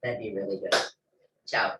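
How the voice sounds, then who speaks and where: A woman's voice: lowish voice, animated, normal speed. A woman fitness instructor talking a class through stretches and breathing, with encouraging cues and playful asides. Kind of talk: guided workout cues. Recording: echoey room, mic far off.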